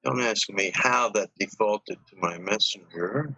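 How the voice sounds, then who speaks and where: A man co-hosts a live stream in casual chat. His voice is low and husky, with a bright edge. The recording sounds dry. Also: a little slow, no echo, dull audio.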